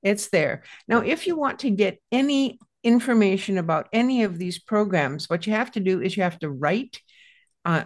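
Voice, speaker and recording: A woman co-hosts a casual radio garden show, reading event announcements in a chatty way and correcting herself as she goes. Her voice is medium-pitched with a darkish tone.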